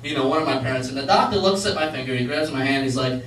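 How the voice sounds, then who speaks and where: A man giving a church message as an animated storyteller, often laughing between lines. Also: medium pitch, quick pace, slight background noise. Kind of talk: storytelling sermon. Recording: echoey room, mic far off.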